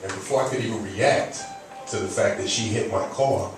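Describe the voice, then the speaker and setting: A man doing a stand-up comedy set on a club stage, an animated storyteller with punchy asides, using a handheld mic. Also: fairly low pitch, normal speed, over music. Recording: echoey club room, distant mic, loud crowd.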